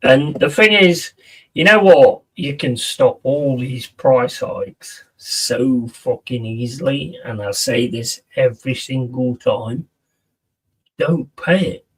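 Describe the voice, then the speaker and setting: A man's voice: mid-range voice, takes it slowly, breathy edge, recorded from a distance. A man chatting casually on a live stream, reading out and answering viewers' messages and swearing freely.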